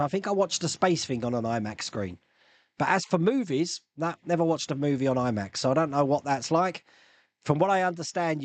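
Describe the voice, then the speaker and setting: A man hosting a casual live stream, chatting loosely and answering viewers' questions with rambling asides and quick laughs. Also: fairly high pitch, dry recording. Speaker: YouTube live stream host.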